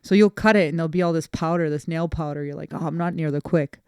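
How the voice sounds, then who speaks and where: Woman dog trainer, podcast co-host; animated, laughing storyteller, resonant voice, dry close sound. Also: low-pitched, fast, clean tone, dry recording. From Boston area. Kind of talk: casual chat.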